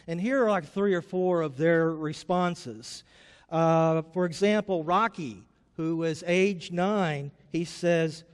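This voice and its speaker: High-voiced pastor preaching in a chapel. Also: male voice, long reverb tail. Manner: storytelling, conversational. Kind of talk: sermon.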